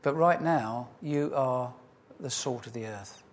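In a mid-range voice, a pastor gives an emphatic sermon, repeating important phrases and slowing to stress points. He then moves into leading a prayer.

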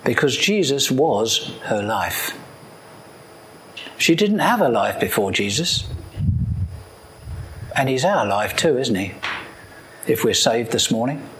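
Lively preacher man full of questions. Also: medium pitch, takes it slowly, pauses often, a little hiss or hum, poor audio. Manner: animated, rhetorical questions to the congregation. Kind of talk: sermon.

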